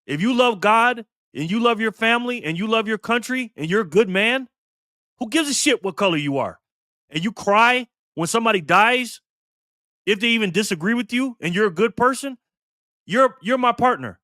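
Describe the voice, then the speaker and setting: A man in his fifties rants to camera with a high, bright, forceful voice, swearing freely and pressing his points hard. The sound is dry and close. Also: animated, moderate pace, no room sound. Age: 50s. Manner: heated, profane, emphatic, preachy. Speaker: channel host. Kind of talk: direct-to-camera vlog rant.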